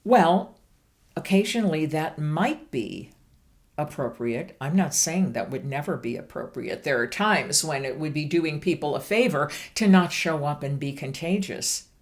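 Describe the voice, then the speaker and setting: Slow, low-voiced woman giving a sermon. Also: expressive. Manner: slow, deliberate, earnest delivery. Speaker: minister. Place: church livestream.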